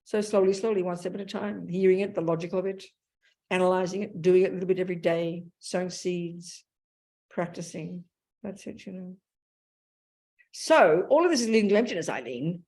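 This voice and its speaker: Older australian woman, buddhist teacher, blunt, earthy, lively talk. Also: on the low side, brisk. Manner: blunt, animated, colloquial. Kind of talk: Dharma talk.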